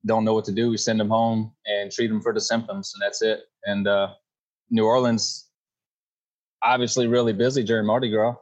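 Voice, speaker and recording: A man's voice: fairly low pitch, flat delivery, moderate pace, rough recording. A man from Louisiana with a Cajun accent, a guest on a casual podcast, talking in a laid-back, matter-of-fact way. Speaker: podcast guest, company co-founder.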